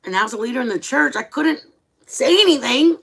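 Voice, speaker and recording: Here a middle-aged woman runs a livestream in a high-pitched, husky voice with vocal fry, talking briskly. She's animated and chatty with viewers, spinning dramatic stories.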